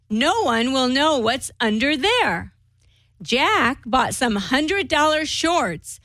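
A woman on a comedy radio show reading quotes and a poem aloud in a measured, clear way. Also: high-pitched, fairly bright tone, dry recording, clean studio sound. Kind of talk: scripted reading of quotes and poems.

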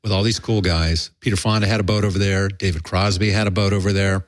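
An older man from Southern California, a guest on a podcast, tells rambling anecdotes in casual chat and acts out the quotes. His low voice is level in tone and quick, with no room sound.

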